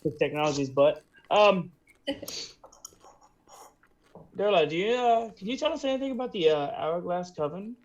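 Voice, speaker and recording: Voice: medium pitch, lively intonation, normal speed, pauses often, slight background noise. A player at a tabletop game, chatting and asking characters questions in a playful manner. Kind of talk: tabletop role-play chat. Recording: dull lo-fi mic audio.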